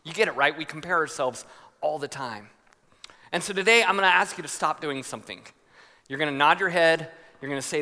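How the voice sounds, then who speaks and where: A man preaching a sermon, telling a story with lively voices. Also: a little high, fairly quick. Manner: storytelling with animated voices and laughter. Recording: reverberant hall.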